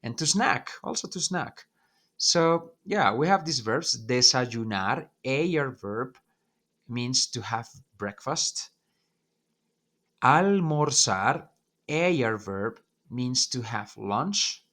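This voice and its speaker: Slow-talking teacher, emphatic. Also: male voice, mid-range voice, lively intonation, a bit bright. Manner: repeats points with emphasis, checks in with "yeah?". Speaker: Spanish teacher. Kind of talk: online language lesson.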